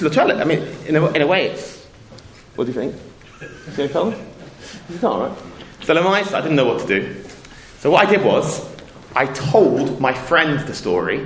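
In a slightly high, fairly bright voice, a middle-aged Englishman tells a community audience a relaxed anecdote that ends in a moral. He meanders, cuts in on his own sentences, and mimics the people he quotes. There's a roomy echo with slight background noise.

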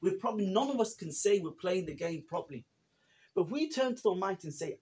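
A man preaching a sermon to a live audience, animated and full of storytelling asides. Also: sits high, fast talker. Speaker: rabbi.

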